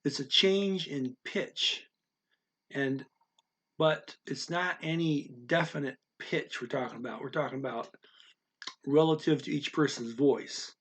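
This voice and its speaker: A man teaching the tones of Mandarin in a casual spoken lesson, unhurried and halting, stopping to demonstrate with exaggerated high and low sounds. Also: fairly bright tone, husky. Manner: unhurried, halting with fillers and restarts.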